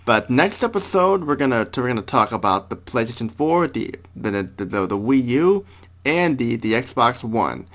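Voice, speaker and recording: A man of middling pitch hosts a relaxed gaming podcast. He speaks casually, often stumbling and repeating words as he lines up what comes next. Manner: halting, repeats words when wrapping up. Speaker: podcast host.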